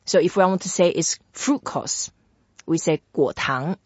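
A patient woman teacher with a slightly low voice, explaining words step by step and repeating them for practice. The sound is dry and a little dull, with no room echo. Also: measured pace, darkish tone, husky. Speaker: Mandarin teacher. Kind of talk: language lesson chat.

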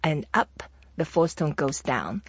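Woman teaching chinese tones, patient and encouraging, bit husky, lowish voice, dry dull sound. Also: very animated, a little slow, no room sound. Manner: patient, encouraging, laughs easily. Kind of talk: casual language lesson.

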